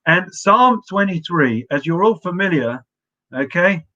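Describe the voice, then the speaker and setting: Bright-toned man giving a sermon. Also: sits high, expressive, highs cut off. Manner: storytelling with halting restarts. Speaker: rabbi. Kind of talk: sermon with storytelling.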